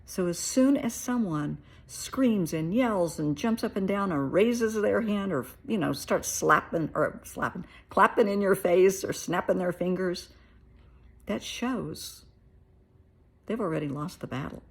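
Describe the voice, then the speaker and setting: Husky, gravelly-voiced blunt woman therapist. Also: fairly low pitch, lively intonation, a little slow. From United States. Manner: blunt, plain-spoken, colloquial. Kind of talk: casual opinion monologue to camera.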